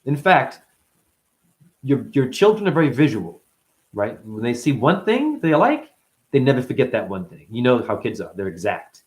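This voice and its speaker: Animated, swearing man rambling freely. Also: medium pitch, normal speed. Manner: profane, playful, acts out voices of others. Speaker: spiritual teacher. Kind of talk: rambling spoken monologue.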